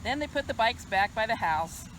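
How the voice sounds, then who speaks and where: A librarian reading a picture book aloud to children in an expressive, sing-song storytelling manner. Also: female voice, fairly high pitch, normal speed, slight background noise, rough recording. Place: library video recording.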